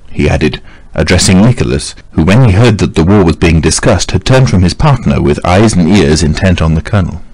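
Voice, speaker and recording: A man narrating a classic novel as an audiobook reader, in a measured, even reading. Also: deep voice, slightly rough, dry recording, low-quality recording. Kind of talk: scripted narration.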